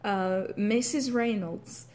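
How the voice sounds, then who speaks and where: A woman's voice: medium pitch, slow, a little mellow. Hesitant Southern American woman explaining. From United States. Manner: hesitant, many filler sounds, clears throat. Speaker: actor practicing accents. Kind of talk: casual explanatory talk.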